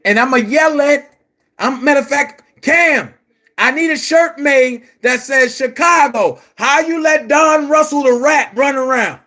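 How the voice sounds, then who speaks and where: A high-voiced online commentator from Baltimore delivers a heated monologue to camera, slow and sharp in tone. He's confrontational and repetitive, calling his listeners brother.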